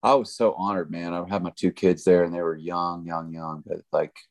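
A man's voice: sits low, little pitch movement, normal speed, vocal fry. A middle-aged man, a country musician guest, telling stories in a laid-back, rambling way with lots of fillers. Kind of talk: casual storytelling chat.

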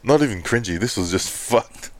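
Give me a low-voiced Islander man, dry close sound, telling funny stories and swearing. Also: lively intonation, normal speed, no echo. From Pacific Islands. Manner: storytelling, swears, mimics others in high voices. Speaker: podcast co-host. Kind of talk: casual chat.

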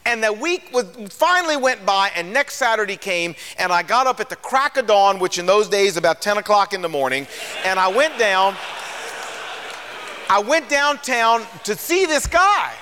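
An older male preacher tells his own story in a sermon with a high, bright voice that swoops through a wide range. He acts out the lines of each person in the story. A long hall reverb hangs behind his words. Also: moderate pace, clear, resonant tone. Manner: animated storyteller, acts out dialogue. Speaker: radio preacher.

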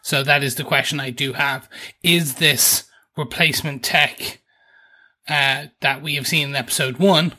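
Bright-voiced man asking questions. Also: on the high side, unhurried. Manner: animated, questioning, jokey. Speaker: podcast co-host. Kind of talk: casual chat.

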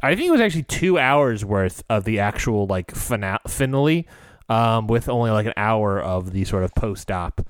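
A man's voice: lowish voice, lively intonation, normal speed, clean tone, no echo. A man co-hosting a podcast in casual chat, rambling and laughing often as he talks. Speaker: podcast co-host.

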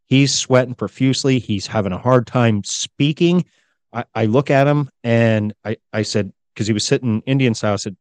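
A podcast co-host with a mid-range voice tells a story loosely in a casual chat, animated and swearing a lot while acting out quotes. He talks at a normal speed, and there's no room sound.

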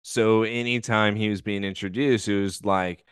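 A man with a smooth, resonant voice trades sarcastic, teasing banter in a casual podcast recap of a TV episode. He is recorded close and dry, with no room sound. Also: fairly low pitch, steady tone, moderate pace, dry recording. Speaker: podcast co-host.

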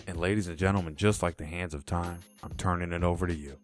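A man's voice: sits low, fairly even intonation, quick pace, hardly any pauses, soft background music. A man hosting his own sports podcast, talking casually and rattling off picks with playful catchphrases. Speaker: podcast host.

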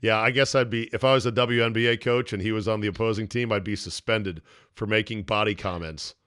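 A man's voice: fairly low pitch, fairly quick, clean tone, no echo, clean studio sound. A man hosting a podcast, chatting casually and joking around with his co-host. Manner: joking, animated banter with laughs. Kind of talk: casual chat.

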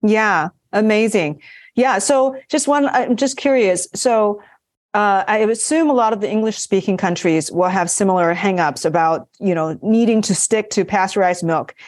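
A woman's voice: medium pitch, moderate pace, no room sound, clean studio sound. A woman from China hosting a podcast interview, asking curious questions and giving thanks. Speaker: podcast host. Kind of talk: interview conversation.

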